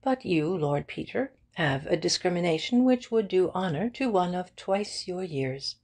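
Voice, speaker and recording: A woman's voice: on the low side, expressive, measured pace, darkish tone, voice pushed up. A woman reading the part of a fussy, courteous elderly male solicitor in a precise, old-fashioned way.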